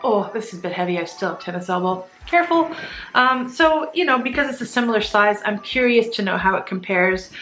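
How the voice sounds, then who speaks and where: A woman's voice: medium pitch, lively intonation, brisk, fairly bright tone. A woman chatting casually through a handbag review in a conversational, self-joking way. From Canada. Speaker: handbag vlogger. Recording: roomy echo with faint music.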